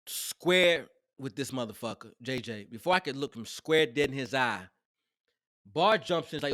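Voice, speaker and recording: A man telling a heated workplace story in a casual, animated and profane way, emphatic and expressive. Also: medium pitch, normal speed, dry recording, clean studio sound.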